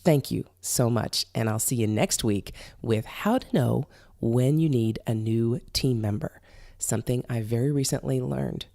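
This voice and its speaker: A woman hosting a podcast in a bubbly, chatty way, her voice a little hoarse as it recovers. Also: extremely low pitch, a little slow, warm tone, no room sound, studio quality. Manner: bubbly, chatty, many fillers. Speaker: podcast host. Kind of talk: casual podcast chat.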